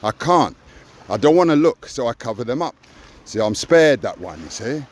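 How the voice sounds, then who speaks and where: A man's voice: medium pitch, big pitch swings, normal speed. An older man talking earnestly in a raw personal conversation, stressing points with "you see". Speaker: podcast co-host.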